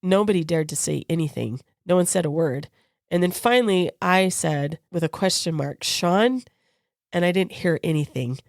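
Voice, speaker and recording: Low-voiced woman telling a story. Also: normal speed, creaky, no echo, clean studio sound. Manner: lively storyteller who acts out the quoted voices of others. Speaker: podcast co-host. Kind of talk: personal storytelling in casual chat.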